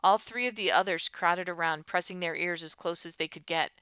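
A woman narrating a tense audiobook in a fairly low but very bright, clear voice. She keeps a steady storytelling manner. The recording is close and dry. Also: fairly quick, no room sound.

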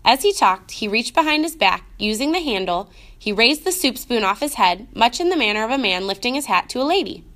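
A woman narrating a children's storybook in a clear, expressive way. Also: fairly high pitch, fairly quick, hardly any pauses. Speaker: audiobook narrator.

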